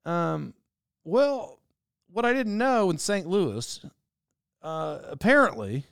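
A man's voice: high-pitched, big pitch swings, slow pace, vocal fry, a bit bright, clean tone, no echo, clean studio sound. A young man telling a story casually, rambling with restarts and chuckling as he goes.

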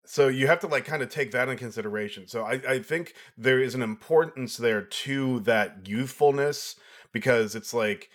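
A man's voice: mid-range voice, a bit bright. A man co-hosting a casual film review chat, explaining his views thoughtfully and at length. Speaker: podcast co-host.

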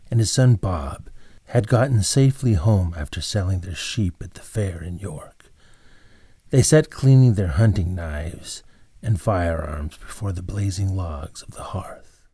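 A man narrating an old tale in a measured, dramatic way. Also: on the low side, mellow, slightly rough, dry recording, clean studio sound. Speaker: storyteller. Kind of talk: scripted narration.

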